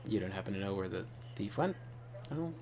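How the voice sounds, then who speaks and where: A man's voice: low voice, animated, brisk, vocal fry, a loud crowd. A man hosting a gaming channel, telling rambling, offhand stories while he plays. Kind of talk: casual gaming commentary.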